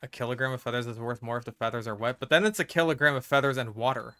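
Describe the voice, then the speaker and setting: Joking male streamer, stumbling restarts, smooth clear tone. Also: medium pitch, very fast, sharp tone, no echo. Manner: rambling, joking, stammering restarts. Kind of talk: casual gaming commentary.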